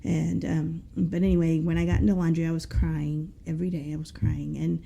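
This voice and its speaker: A woman's voice: low-pitched, level tone, brisk, vocal fry, dark tone. A woman guest in an interview, telling her personal story in an earnest, rambling way with many fillers.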